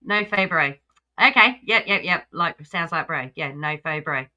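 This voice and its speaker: Australian woman, reaction streamer; lowish voice with a very bright, forceful edge; chatty. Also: animated, moderate pace, lo-fi sound. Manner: chatty, talks back at the clip. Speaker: livestream host. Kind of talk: casual reaction commentary.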